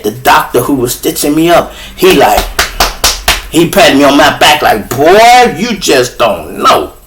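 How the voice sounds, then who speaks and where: A man with a Chicago accent telling a true story to his viewers in a casual, animated way, swearing freely and acting out the voices of others. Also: mid-range voice. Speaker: storyteller host.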